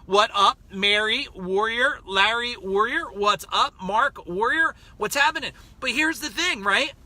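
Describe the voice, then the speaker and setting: Bright-voiced chatty man on a live stream. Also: sits high. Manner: greets viewers by name, chatty and emphatic. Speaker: business coach hosting a live stream. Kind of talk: casual motivational live stream. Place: outside a grocery store waiting in a car.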